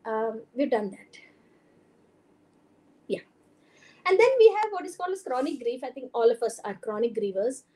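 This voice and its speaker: A woman doctor with an Indian English accent gives a lecture at a conference, talking in a loose, conversational way and dotting her speech with fillers. Her voice sits a little high. It has a mellow, soft tone. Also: lively intonation, moderate pace, long pauses. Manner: conversational, frequent fillers, mixes Hindi phrases. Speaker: doctor giving a conference talk. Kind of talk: lecture presentation. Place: conference hall.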